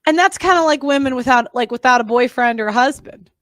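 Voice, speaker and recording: High-voiced rambling woman, casual chat. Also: fast, fairly bright tone, no echo, clean studio sound. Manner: chatty, rambling, self-interrupting. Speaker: influencer.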